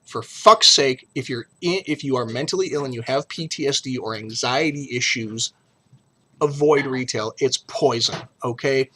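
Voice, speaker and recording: A man's voice: mid-range voice, moderate pace, sharp tone, husky. A middle-aged man talking frankly and emotionally in a personal vlog, blunt and profane but earnest. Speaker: vlogger.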